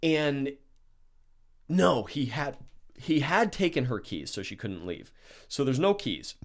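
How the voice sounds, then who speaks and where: A young man tells a story on his podcast in casual chat, swearing freely and acting out the lines of the people in it. His pitch swings widely up and down. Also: takes it slowly. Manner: animated, swears a lot, acts out quotes. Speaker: podcast host telling a story.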